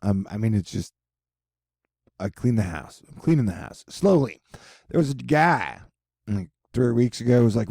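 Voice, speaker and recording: Casting note: young male vlogger, dry and self-mocking, gravelly low-key voice, close dry sound. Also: animated, normal speed, pauses often, warm tone, no room sound. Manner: rambling, sarcastic, self-mocking. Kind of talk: casual rambling vlog. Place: his apartment.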